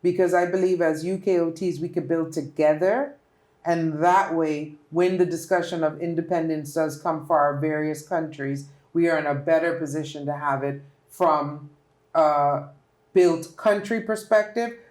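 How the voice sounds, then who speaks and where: A woman's voice: sits low, steady tone, moderate pace, darkish tone, echoey room. A woman politician from the Turks and Caicos Islands with a local accent, giving earnest, emphatic interview answers. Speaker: politician guest.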